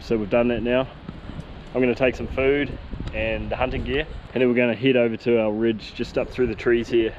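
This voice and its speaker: A man with a New Zealand accent narrates his wilderness hunt to the camera, relaxed and chatty, with slang and asides to his dog. He is outdoors on a camera mic, the sound slightly dull with a faint hiss behind. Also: medium pitch. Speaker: hunting vlogger.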